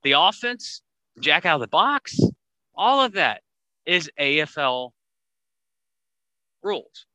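Bright, clear-voiced man talking sports. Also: slow, pauses often, no room sound, rough recording. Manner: animated, rising pitch when making a point. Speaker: podcast host. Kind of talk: casual sports podcast chat.

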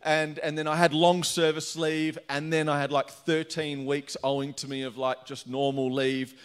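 A middle-aged man from Australia preaching a sermon, energetic and chatty, telling stories with laughs. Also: a little high, normal speed, clean tone. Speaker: pastor.

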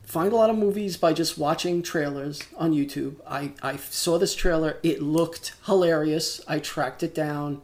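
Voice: medium pitch, a little slow, hardly any pauses, darkish tone. A co-host in a casual chat, blunt and agreeable, often chiming in with short remarks. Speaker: podcast co-host.

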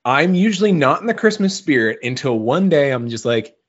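A man in casual podcast chat, animated and swearing freely, with lots of "like" fillers, on a dull lo-fi recording. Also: a little high, a little fast. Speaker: podcast co-host. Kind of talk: casual chat about a film. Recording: dull lo-fi sound.

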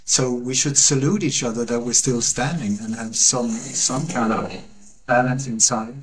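Guy, earnest and emphatic, repeats stuff for weight, mid-pitch voice on a call. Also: a little slow. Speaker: interview guest. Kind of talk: passionate conversational monologue.

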